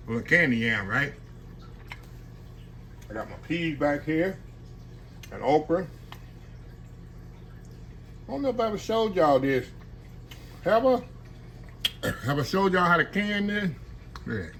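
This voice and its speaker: This cooking channel host has a fairly high voice with big pitch swings, unhurried and full of pauses, a bit bright against slight background noise. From his home kitchen he runs a casual eating vlog, folksy and chatty, tossing out "y'all" often as he savors every bite aloud, recorded by a tripod-mounted camera.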